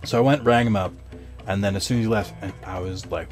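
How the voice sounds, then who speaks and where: A man's voice: mid-range voice, normal speed, faint music behind. A young man telling a casual work story, rambling with many fillers, profane and sarcastic asides.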